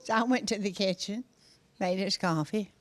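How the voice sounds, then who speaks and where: A woman's voice: medium pitch, moderate pace. An older woman telling a funny story from her past, chuckling as she goes. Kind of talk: casual anecdote.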